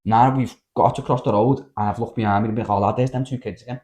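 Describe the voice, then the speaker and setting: Fast-talking young Scouse man. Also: mid-range voice. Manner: animated, swearing, slangy, repeats himself. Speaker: podcast host. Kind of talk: casual storytelling chat.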